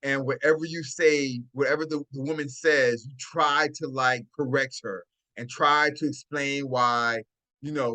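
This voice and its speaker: A man's voice: medium pitch, fairly even intonation, a little slow, pushed and bright. A man hosting a live-stream dating-advice talk on a phone, chatty, often asking "right?" and chuckling as he goes. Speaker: host.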